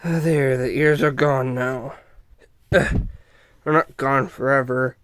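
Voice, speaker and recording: A man's voice: medium pitch, steady tone, slow pace, fairly bright tone, clean tone, no echo, clean studio sound. A man performing a casual comedy skit, stammering and bickering in an exasperated way. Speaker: comedy video creator voicing several characters.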